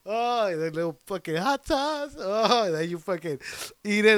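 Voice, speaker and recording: A young man hosting a podcast as a stand-up comic, talking in a profane, excitable, rambling way full of restarts into a handheld mic. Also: high voice, smooth, no room sound. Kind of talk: casual rambling podcast chat. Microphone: handheld microphone plugged into a computer.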